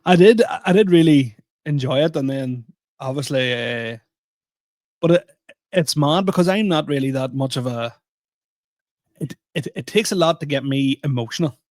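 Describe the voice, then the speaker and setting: A man's voice: on the high side, moderate pace, a little mellow, no room sound. Dry-sounding male podcast co-host. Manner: rambling, self-deprecating storytelling with many restarts. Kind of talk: casual chat.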